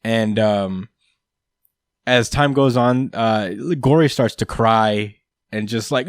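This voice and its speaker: A man hosts a podcast and recaps a comic chapter in a loose, rambling way. He fills his speech with ums and uhs and laughs often. His voice sits at an ordinary pitch, and the close mic gives it a dry sound. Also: sing-song, slow, dry recording. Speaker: podcast host. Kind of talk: casual manga recap chat.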